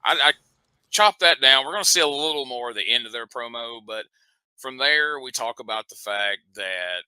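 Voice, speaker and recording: A man's voice: medium pitch, animated, moderate pace, sharp tone, clean tone, no room sound, poor audio. A man with a Southern American accent, hosting a casual podcast chat about old wrestling shows. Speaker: podcast host.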